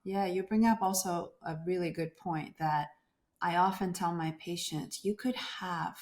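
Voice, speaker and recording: A woman in her thirties, a doctor speaking as a guest in an interview, talking in an expressive way and acting out the voices she quotes. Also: on the low side. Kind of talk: conversational interview.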